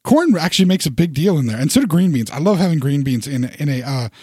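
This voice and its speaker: Man, a bit high, dry close mic, rambling food chat. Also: big pitch swings, quick pace, dark tone, slightly rough, no echo. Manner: rambling, enthusiastic about food, self-deprecating. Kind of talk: casual chat.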